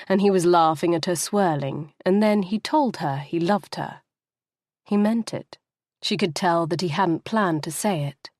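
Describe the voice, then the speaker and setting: A woman narrating a novel in a measured, expressive storytelling manner. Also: fairly low pitch, no echo, clean studio sound. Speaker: audiobook narrator.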